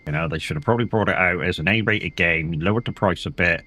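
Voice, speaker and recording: He's a fast talker with a low-pitched, bright, forceful tone. A tired man from England, he streams a game and chats in a rambling, casual way, swearing every so often.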